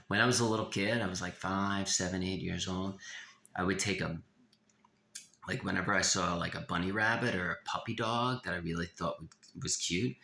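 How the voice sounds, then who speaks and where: A man giving a blunt, profane confessional monologue as an author, halting and restarting often. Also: sits low, fairly even intonation, creaky, pushed and bright, roomy sound, a little hiss or hum. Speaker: author of a self-help memoir.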